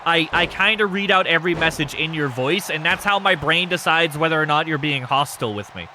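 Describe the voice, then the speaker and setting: A man hosting a live stream, chatting casually and excitably with viewers, joking and swearing freely. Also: fairly high pitch, brisk, a little hiss or hum. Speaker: streamer hosting a wrestling show.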